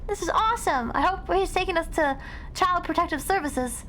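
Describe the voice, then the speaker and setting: A young woman streaming a game live, excitable and dramatic, reacting out loud and swearing freely. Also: very high voice, a little fast, slight background noise. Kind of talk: live gameplay commentary.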